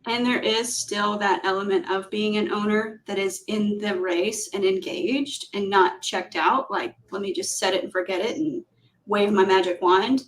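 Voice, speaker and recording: A middle-aged woman hosting a casual interview, an animated storyteller who acts out the quotes she tells. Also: mid-range voice, poor audio. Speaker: business coach and host.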